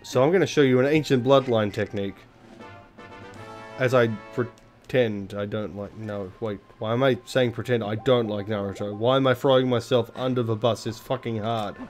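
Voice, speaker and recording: A man's voice: medium pitch, moderate pace, a little mellow, soft background music. Rambling man, sweary gameplay commentary. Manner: rambling, self-deprecating, sweary. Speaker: let's play commentator.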